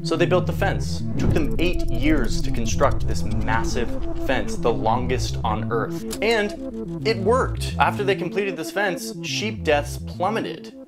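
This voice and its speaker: A woman's voice: extremely low pitch, expressive, measured pace. A woman host giving a casual, jokey educational narration with chatty asides. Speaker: video essay host. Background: background music.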